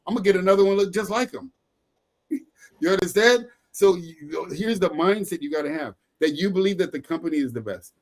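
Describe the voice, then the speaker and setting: A middle-aged man coaching a sales team in a motivational training talk. His voice sits a little high for a man, and he drives his points home through repetition, with frequent chuckles. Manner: emphatic, repetitive, laughs often.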